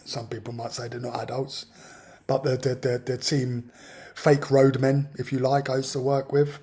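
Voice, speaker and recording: A man's voice: mid-range voice, level tone, normal speed, warm tone, breathy edge. A man telling a personal story in an exasperated, ranting way. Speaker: vlogger. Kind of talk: personal account monologue.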